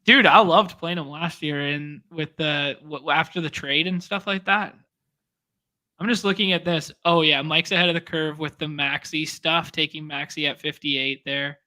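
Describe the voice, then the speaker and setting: An eager, quick-talking man with a slightly high voice and a bright, sharp tone. He co-hosts a fantasy sports show and thinks out loud as he talks. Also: steady tone. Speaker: fantasy sports podcast host. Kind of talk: casual chat.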